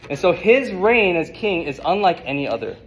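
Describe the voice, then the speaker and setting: A male preacher giving an expository sermon, speaking in a measured, emphatic way and sometimes repeating words as he thinks. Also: high-pitched, very animated, poor audio.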